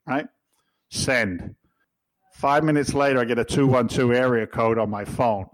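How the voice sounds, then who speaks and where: A man's voice: medium pitch, measured pace, dry recording, poor audio. A middle-aged man with an English accent, a podcast guest telling stories in a blunt, jokey, swearing way. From England. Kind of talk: casual storytelling.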